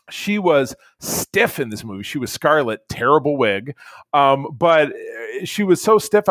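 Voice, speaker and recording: A man's voice: a little high, fairly bright tone, no echo. A man co-hosting a casual chat, reviewing a movie in a blunt, rambling way with lots of fillers and restarts. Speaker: podcast co-host, movie reviewer.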